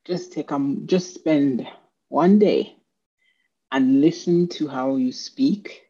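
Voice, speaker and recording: A podcast host speaking slowly and reflectively in casual conversation, sometimes losing the thread. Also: mid-range voice, mellow, slightly rough. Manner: slow, reflective, loses the thread at times. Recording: dull lo-fi sound.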